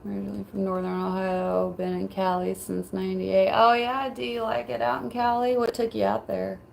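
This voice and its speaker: Gravelly, laid-back woman streamer. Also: mid-range voice, little pitch movement, brisk, a little hiss or hum, low-quality recording. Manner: laid-back, swears freely, laughs often. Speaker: livestreamer reading chat. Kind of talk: casual livestream chat.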